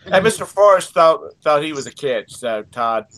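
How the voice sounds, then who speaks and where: A man's voice: on the high side, lively intonation, normal speed, a bit bright. A middle-aged man joking and rambling with fillers in a casual group chat.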